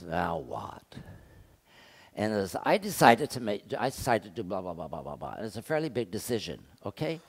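Low-voiced older pastor preaching. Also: male voice, vocal fry, husky. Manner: conversational preaching with rhetorical questions, shifting loud and soft. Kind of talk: sermon.

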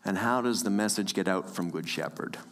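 A man preaching a sermon as pastor, earnest and conversational, repeating key phrases with the odd soft chuckle. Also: low-pitched, fairly quick, slight background noise. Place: church sanctuary. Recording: long church reverb.

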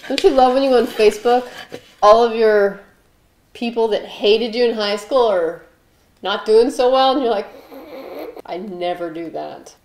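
A woman's voice: on the high side, a little slow, darkish tone. A young woman doing a rambling, offbeat comedy monologue with jokey asides while she bakes in her home kitchen. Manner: offbeat, jokey asides, mock voices for quoted people. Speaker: comedic baking host. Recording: echoey kitchen with faint noise.

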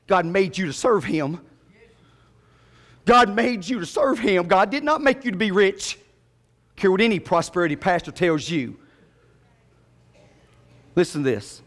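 Man, pastor preaching, very high voice, long church reverb. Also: big pitch swings, measured pace, pauses often. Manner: preaching with swings from low murmurs to loud high calls. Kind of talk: sermon. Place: church sanctuary.

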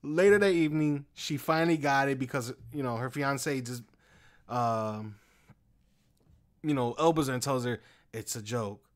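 A man co-hosting a podcast, telling stories and dad jokes in a casual, animated way, laughing often and swearing freely. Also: medium pitch, normal speed, pauses often. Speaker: podcast co-host.

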